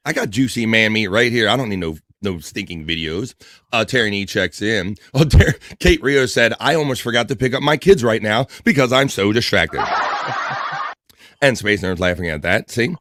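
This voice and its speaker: A man's voice: lowish voice, animated, moderate pace, a bit bright, no echo. A man hosting a casual livestream, playfully teasing and reading viewer comments aloud. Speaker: livestream host.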